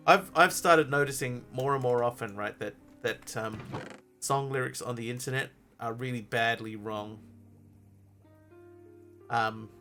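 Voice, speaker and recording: Male streamer, mid-range voice, chats and rambles over soft game music. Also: medium pitch. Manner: rambling, chatty, many ums and restarts. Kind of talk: casual live-stream chat while playing.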